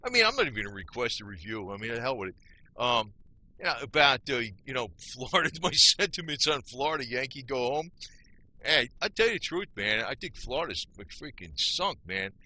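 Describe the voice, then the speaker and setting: A man's voice: mid-range voice, sing-song, fairly quick, pushed and bright. A man ranting on his own video channel, blunt and angry, repeating himself with casual slang. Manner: casual slang, frequent "man" and "you know". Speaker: YouTube video maker. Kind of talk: ranting monologue.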